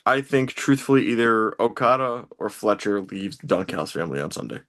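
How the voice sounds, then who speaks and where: A man's voice: on the low side, animated, brisk, a bit bright, no room sound. A man co-hosting a podcast in casual wrestling chat, blunt and laughing often, swearing freely. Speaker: podcast co-host.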